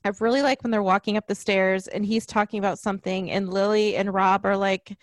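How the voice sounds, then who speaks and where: Animated woman discussing a film, dry sound. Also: medium pitch, fairly quick, no room sound. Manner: animated, quotes characters in a raised voice. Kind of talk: casual movie discussion.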